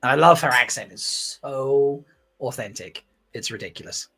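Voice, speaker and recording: A man from Essex, hosting a relaxed chat with a mid-range voice. He talks in a lively way, laughs often and slips into quick voices for the people he quotes. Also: mid-range voice, gravelly, breathy edge. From Essex, England. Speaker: host. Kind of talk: casual chat.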